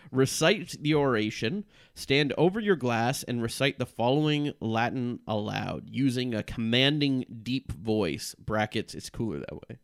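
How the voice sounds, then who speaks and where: A man co-hosting a laid-back comedy podcast in an easy, mid-pitched voice. He reads step-by-step instructions aloud and trips over unfamiliar Latin words. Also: lively intonation, a little slow, clear, resonant tone. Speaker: podcast co-host. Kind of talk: casual comedic chat.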